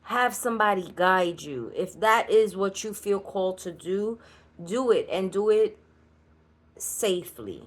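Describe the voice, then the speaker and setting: A woman's voice: medium pitch, animated, unhurried. A woman with a New York Puerto Rican accent giving a channeled card reading, chatty and blunt, with laughing asides. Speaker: spiritual card reader. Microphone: solo creator recording.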